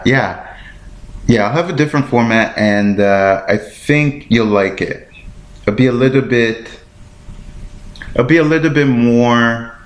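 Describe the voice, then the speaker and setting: Here a man with a mid-range voice talks casually on his solo podcast in an echoey room. He rambles and thinks aloud while looking things up, often tripping over words and apologizing in a self-deprecating way.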